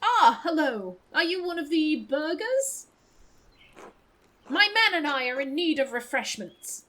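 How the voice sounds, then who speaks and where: A woman's voice: high voice, very animated, extremely slow, bright, forceful tone, heavily acted, low-quality recording. A woman voicing a courteous male traveling musician in a posh, formal way, for a narrative video game.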